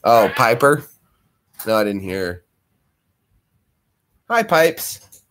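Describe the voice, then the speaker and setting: Lively, bright-voiced man hosting a live stream. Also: lowish voice, slow, a little hiss or hum. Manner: chatty, laughs readily, greets viewers by name. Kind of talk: casual live-stream chat.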